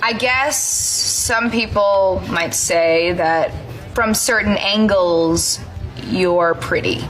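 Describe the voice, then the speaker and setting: A woman's voice: mid-range voice, very slow, background noise. An actress playing a sarcastic, moody teen girl in sitcom dialogue, dry and cutting.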